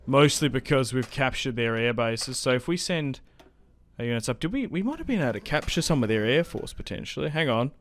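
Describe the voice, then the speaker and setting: A young man giving casual, chatty commentary while playing a strategy game, getting excited and laughing often. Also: medium pitch, fairly quick. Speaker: gaming YouTuber.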